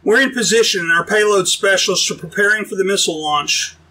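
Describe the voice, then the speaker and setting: A man's voice: high-pitched, fast, bright, forceful tone, rough recording. A man reading an audiobook, voicing a well-spoken male astronaut pilot with a British accent, making a clipped radio call. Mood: businesslike.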